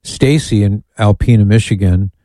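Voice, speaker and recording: Low mellow radio host, dry studio sound. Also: male voice, normal speed, dry recording. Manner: chatty, reads listener emails aloud with amused asides. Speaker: radio talk show host. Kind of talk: casual call-in radio talk.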